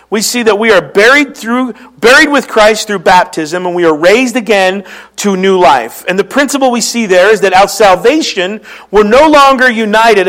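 A man with a Philadelphia accent delivers a sermon in a notably high voice. He teaches earnestly, reading scripture aloud and explaining what each verse means for his congregation. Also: a bit bright. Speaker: pastor.

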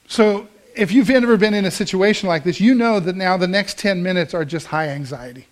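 A man's voice: high voice, fast, few pauses. A man in his fifties preaching a sermon, telling a personal story in an earnest, conversational way with frequent restarts.

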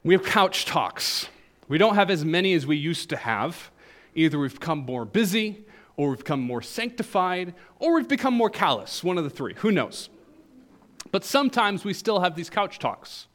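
A man's voice: big pitch swings, moderate pace. Man preaching with emphatic swings. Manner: conversational storytelling with wry humor; swings between emphatic highs and soft, low asides. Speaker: pastor. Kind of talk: sermon.

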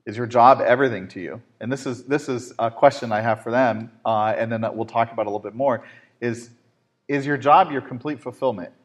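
A man of ordinary pitch hosts a faith-based talk show. He tells stories with growing animation and a lot of "uh" and restarts. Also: fairly quick. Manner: animated storyteller with frequent fillers. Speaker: host.

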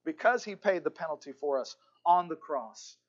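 A man's voice: on the high side, animated, moderate pace. A male pastor preaching a sermon with emphatic repetition and occasional stammered restarts. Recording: dull lo-fi recording.

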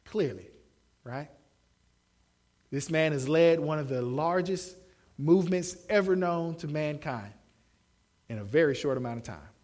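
A young man preaching a sermon, animated, acting out the quotes he shouts. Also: fairly high pitch, measured pace, pauses often. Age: young adult. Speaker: pastor.

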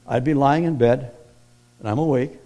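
A man preaching a sermon, moving from hushed personal storytelling to loud, emphatic declarations. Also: mid-range voice, normal speed. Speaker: pastor.

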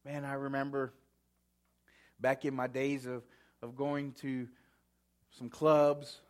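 A man preaching a sermon as pastor, repeating key words with long pauses and swinging from loud to hushed. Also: mid-range voice, little pitch movement.

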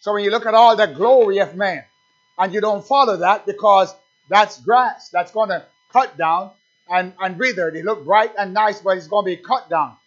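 A man preaching a sermon, calling out to the congregation and building to loud, emphatic peaks. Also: high voice, moderate pace, muffled recording.

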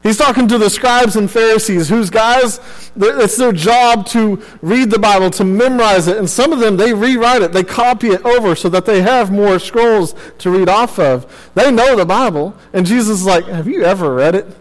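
Young male pastor, fairly high voice, earnest conversational sermon, long reverb of a church hall. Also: moderate pace. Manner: earnest, conversational preaching with repeated phrases and asides.

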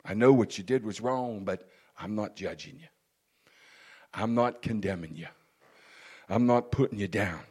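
A preacher voicing soft, gentle Compassion. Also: male voice, on the low side, a little slow, pauses often, slightly rough, voice pushed down. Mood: gentle reassuring. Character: gentle male personification of compassion.

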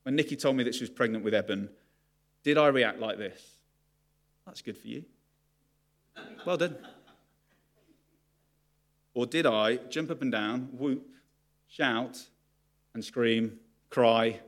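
A man's voice: mid-range voice, a little slow. A man preaching a sermon to his congregation, candid and confessional about his own struggles. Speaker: pastor.

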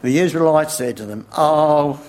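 A man preaching a sermon in an unhurried, measured way. His voice sits a little higher than most men's, and he slips in wry chuckles and rhetorical questions.

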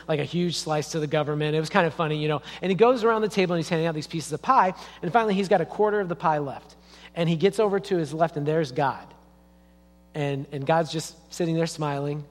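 A man preaching a sermon as a pastor in a church, in a conversational storytelling way. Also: fairly high pitch. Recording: long reverb of a church hall.

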